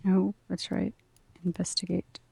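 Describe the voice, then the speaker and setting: A woman playing along on a livestream, chatting casually in a low-key way with short replies that trail off. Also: little pitch movement, a little slow, vocal fry, warm tone, husky. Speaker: co-player. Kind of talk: casual gameplay chat.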